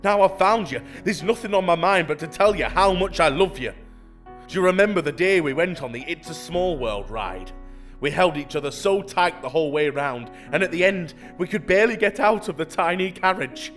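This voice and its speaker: A man's voice: a little high, expressive, moderate pace, fairly bright tone, faint music behind, pitched above the performer's own voice. A man reading as a lovesick fake banker. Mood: melodramatic. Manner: mock-earnest, melodramatic letter reading. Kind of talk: reading bait emails aloud.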